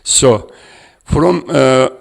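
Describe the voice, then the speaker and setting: A man giving an academic conference presentation, halting and hesitant as he reads out figures from his slides. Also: medium pitch, vocal fry. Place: conference room.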